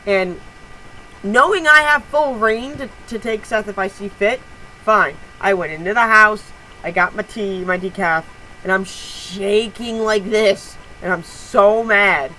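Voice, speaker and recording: A woman vlogging to her regular viewers in an angry, profane rant. Her voice is bright and sharp, and she leans hard on her words. A faint background hum sits under her. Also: medium pitch, poor audio. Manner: heated, profane and emphatic. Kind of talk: casual vlog rant.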